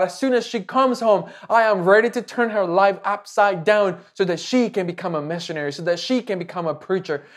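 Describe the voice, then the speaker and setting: A man preaching a sermon with an altar call, impassioned and pleading, with repeated phrases. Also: high-pitched.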